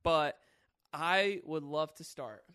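A young man hosting a casual chat and telling a story in an animated way, full of fillers and swearing. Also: on the high side, slow pace, smooth. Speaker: YouTuber host.

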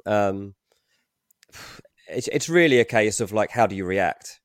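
A man's voice: lowish voice, lively intonation, unhurried, no room sound, studio quality. A man giving his opinions on a football podcast, rambling and opinionated. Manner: opinionated, rambling, many fillers. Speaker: transfer pundit. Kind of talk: casual football podcast chat.

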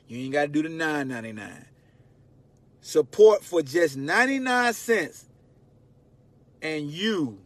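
A man hosting his own sports podcast in a loud, animated, slangy monologue, swearing freely and shouting for emphasis. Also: medium pitch. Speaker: podcast host. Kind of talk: casual sports talk monologue.

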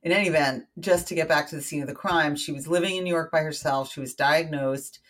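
An American woman, a guest on an interview show, spinning out a personal story in easy conversation. She is animated and chatty, and she keeps dropping wry little asides as she goes. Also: low voice, fast. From United States.

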